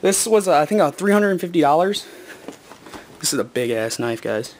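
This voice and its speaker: A teenage boy, out of breath and excited, rambling with lots of ums and self-corrections in a casual unboxing vlog. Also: on the high side, normal speed, slight background noise. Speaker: gaming video maker.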